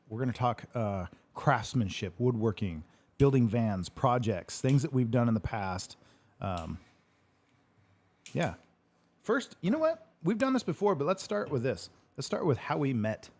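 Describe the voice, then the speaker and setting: A man with a mid-range, darkish voice hosts a casual livestream Q&A, joking, laughing often and swearing freely. It's picked up through a livestream microphone.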